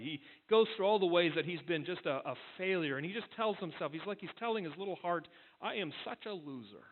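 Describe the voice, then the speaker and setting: A male pastor giving a sermon in a conversational storytelling way, often restarting his words. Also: a little high. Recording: tinny phone-like sound.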